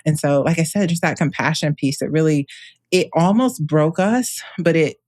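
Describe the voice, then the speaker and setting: A woman's voice: low-pitched, moderate pace, a little mellow, dry recording, clean studio sound. A woman in her thirties, an astrologer guest, talking candidly in casual conversation and laughing often between thoughts.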